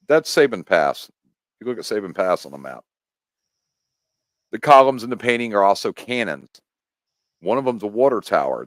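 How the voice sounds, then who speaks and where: In a relaxed podcast chat, this American male guest rambles and restarts a lot while explaining things animatedly. His voice runs on the low side, and there's no room sound.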